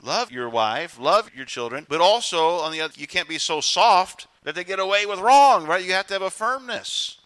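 A man's voice: high voice, animated, moderate pace, hardly any pauses, a bit bright, smooth. A man preaching a sermon as pastor, earnest and direct, acting out the voices of the people he quotes and chuckling between points.

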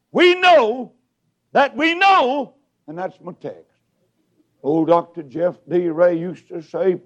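A man preaches a revival sermon in a high, lively voice that leaps up to shouts and drops to low asides. He lingers on words at an unhurried pace. The recording is dull and lo-fi. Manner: swings from shouted peaks to low mutters, storytelling. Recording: dull lo-fi sound.

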